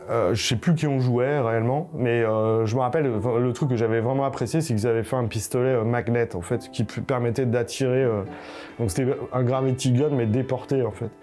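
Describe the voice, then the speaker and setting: Man, game artist, hesitant interview storytelling, warm mellow tone. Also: medium pitch, steady tone, fast, soft background music. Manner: hesitant, many filler sounds.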